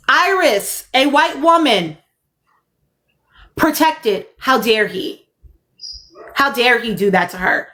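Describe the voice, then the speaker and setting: High-voiced, animated woman livestream host. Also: slow, long pauses. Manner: animated, emphatic, repeats points for effect. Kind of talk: casual commentary livestream.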